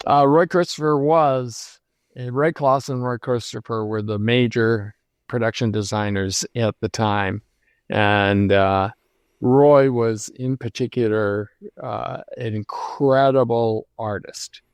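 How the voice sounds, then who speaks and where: An older man recalls his career in an unhurried, reflective way, full of ums and restarts. His voice sits at an ordinary pitch. The sound is dry and close. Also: steady tone, clear, resonant tone, no echo. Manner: reflective storytelling, many fillers. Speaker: guest, lighting designer. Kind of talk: casual interview conversation.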